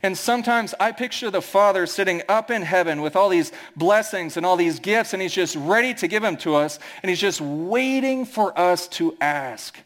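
Midwestern male pastor, high bright voice, chatty preaching that slips into quoted voices. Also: expressive, normal speed, few pauses. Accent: American Midwest. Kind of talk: sermon.

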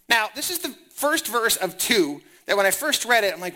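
A man preaching in a lively, conversational way, with a high voice that swings widely in pitch. His tone is bright and forceful as he walks listeners through the story. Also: fast, hardly any pauses. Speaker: pastor. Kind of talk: sermon.

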